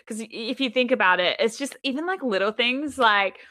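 Australian woman from brisbane, podcast co-host, bright voice, dry sound, easygoing. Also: fairly high pitch, brisk, no room sound. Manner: relaxed, conversational, many "like" fillers. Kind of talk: casual chat.

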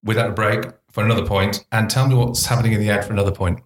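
A man's voice: fairly low pitch, steady tone, racing. A man co-hosting a podcast in a casual, playful chat, rambling with plenty of fillers while he runs a quiz. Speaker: podcast co-host, quiz master. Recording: roomy echo.

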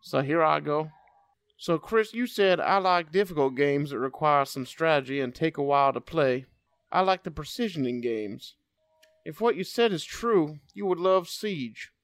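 A man voicing a tired old male prospector with a put-on American Southern accent, reading a listener letter slowly and with a drawl. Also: fairly high pitch, animated, a bit bright, clean tone, dry recording. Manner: slow, drawn-out delivery.

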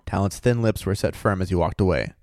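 A man reading a story aloud at a steady pace, stopping to chat about it. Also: sits low, a little fast, no room sound, clean studio sound. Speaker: story reader and host.

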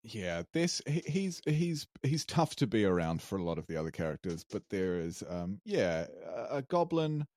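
A man's voice: on the low side, very animated, moderate pace, few pauses, darkish tone, no room sound. A man co-hosting a podcast, chatting casually and rambling with fillers. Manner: rambling, hesitant, with many fillers and laughs. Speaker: podcast co-host and player. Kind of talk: casual chat recapping a tabletop game.

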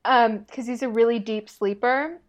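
A woman's voice: on the high side, normal speed. A young woman chatting casually, telling a long story with lots of fillers and frequent laughter. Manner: rambling storyteller, laughs often, many fillers. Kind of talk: casual chat.

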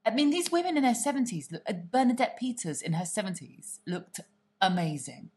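A woman co-hosting a podcast in easy conversation. She talks in a gossipy, theatrical way and swears freely. Her pitch sits in the middle range. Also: very animated, brisk, a little mellow. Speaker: podcast co-host. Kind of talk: casual chat.

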